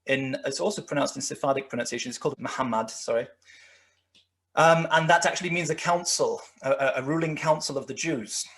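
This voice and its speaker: A fairly high-pitched man with a brisk pace and fairly bright tone gives a history lecture over slides as a guest. He tends to ramble, restarting frequently and using lots of fillers.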